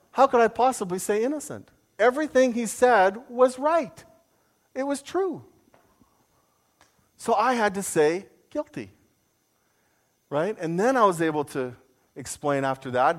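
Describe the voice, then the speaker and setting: Animated storytelling male preacher. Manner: animated storyteller, voice jumps high when mimicking outrage; self-deprecating humor. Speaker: pastor. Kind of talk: sermon with personal story.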